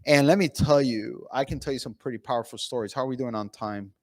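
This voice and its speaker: A man speaking as a pain physician at a conference, telling patient stories in an animated way with many fillers and restarts. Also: medium pitch, fast, dry recording. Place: conference room.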